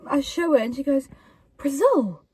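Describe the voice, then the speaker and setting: A woman's voice: on the high side, normal speed, mellow. A young woman telling stories about her friend in a casual chat, quoting her in put-on voices. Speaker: YouTuber co-host.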